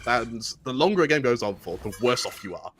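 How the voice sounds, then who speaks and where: A man giving relaxed, analytical color commentary on an esports match, with long explanations. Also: mid-range voice, fairly quick, a little hiss or hum. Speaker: esports caster.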